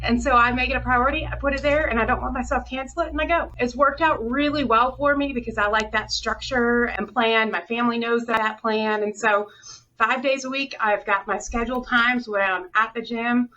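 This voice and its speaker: Bright-voiced woman telling it earnestly. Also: fairly high pitch, steady tone, a little fast. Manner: earnest, openly emotional storytelling. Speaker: hospital director, guest. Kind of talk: candid interview talk. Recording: dull, distant audio with faint noise.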